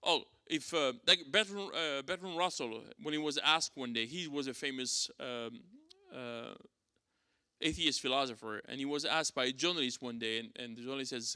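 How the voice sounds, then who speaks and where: A man's voice: mid-range voice, normal speed, bright, forceful tone, smooth, no echo, clean studio sound. A man with a French accent teaching an apologetics class at church, conversational, with fillers and restarts.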